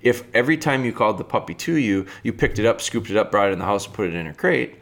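Male dog trainer, lower voice, casual spoken advice, plain-spoken delivery. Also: fast, creaky. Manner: plain-spoken, restarts, bursts into high excited puppy calls.

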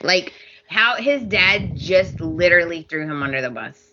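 A woman's voice: on the low side, lively intonation, normal speed, sharp tone, highs cut off, slight background noise. A woman co-hosting a podcast, chatting casually and getting exasperated, laughing often. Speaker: podcast co-host. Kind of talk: casual chat recapping a soap opera.

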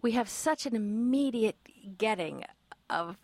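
A woman hosting an interview, laughing along and giving quick, short reactions. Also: on the high side, expressive, a little mellow, no echo. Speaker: podcast host. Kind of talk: casual interview chat.

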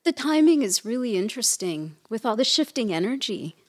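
A woman co-hosting a podcast, chatting excitedly, laughing, and asking lots of questions. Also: on the high side, brisk. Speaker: podcast co-host, medium. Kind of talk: casual chat.

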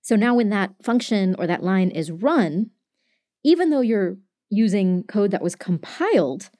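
A woman co-host explains code in relaxed, chatty talk, peppering her sentences with filler words and quick asides. Her voice is recorded close and dry, with no room sound. She speaks at a middle pitch. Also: dry recording. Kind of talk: casual explanatory chat.

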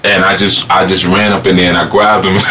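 A man with a very low voice and a forceful, bright edge tells a reflective personal story. His delivery is rambling and animated, and he laughs often along the way. Faint background noise sits under his voice. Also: fairly quick.

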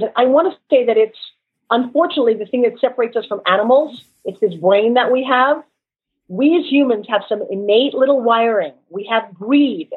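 Husky high-voiced woman gushing away in an interview, dull lo-fi sound. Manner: effusive, animated, emotional. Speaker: guest. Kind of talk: emotional interview conversation.

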